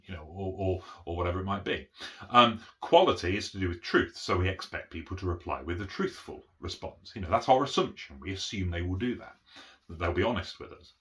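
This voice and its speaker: This middle-aged autism educator speaks in a low, pushed, bright voice. He gives an unscripted one-take talk on autism, explaining things step by step and often checking in with "okay?", with frequent restarts and fillers.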